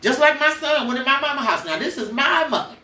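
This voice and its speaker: Older lady podcaster, kinda high voice, talking blunt and preachy from a bit far off the mic. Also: expressive, quick pace, pushed and bright, echoey room. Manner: blunt, preachy storytelling with cursing. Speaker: podcast host. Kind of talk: emotional personal monologue.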